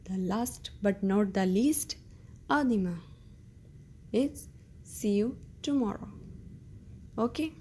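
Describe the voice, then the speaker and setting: A woman teaching a beginner language lesson, patient, repeating words slowly and checking in with "okay?". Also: medium pitch, dark tone, slight background noise. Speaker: French teacher.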